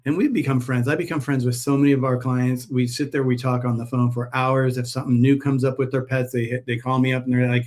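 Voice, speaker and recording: A man's voice: medium pitch, level tone, fast, hardly any pauses, a little mellow. A man hosting a live stream and chatting with viewers, telling long stories in a rambling way with frequent restarts. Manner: rambling storyteller, many restarts. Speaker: host, pet supplement seller.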